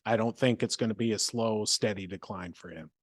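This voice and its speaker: A man co-hosting a casual sports podcast, giving steady, even analysis. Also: on the low side, a little fast, no echo. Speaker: podcast co-host.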